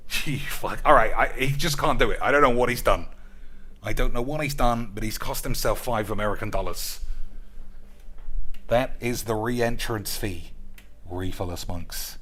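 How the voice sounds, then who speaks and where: A man's voice: medium pitch, lively intonation, moderate pace, a bit bright, slight background noise. A man live-streaming a card game, bantering sarcastically with his chat and swearing freely. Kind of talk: casual live-stream chat while gaming.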